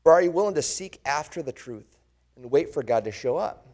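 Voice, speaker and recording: A pastor plays the disciple Thomas in his own slightly raised voice, which sits on the high side and is animated, fairly quick, a little mellow and lightly acted. Telling it as a first-person dramatic sermon monologue, he is earnest and impassioned in a reflective mood, pressing his listeners with direct, searching questions.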